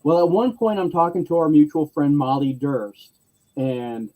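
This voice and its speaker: A man telling a convention story in casual chat, lively, acting out other people's lines in varied voices. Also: a little high, moderate pace, low-quality recording.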